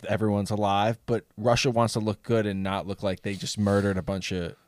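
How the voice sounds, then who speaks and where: A man's voice: fairly low pitch, little pitch movement, a little fast, no room sound, clean studio sound. A man on a casual podcast, explaining his point earnestly, step by step.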